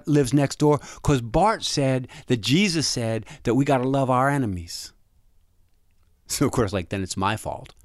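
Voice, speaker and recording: A man telling a personal story in a halting way, often restarting and repeating words, and often quiet and low. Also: no room sound, studio quality.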